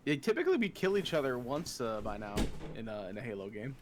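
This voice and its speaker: With a sing-song delivery in a mid-range voice, this American man rattles off jokes and teasing during casual co-op gaming on stream. Game music plays underneath.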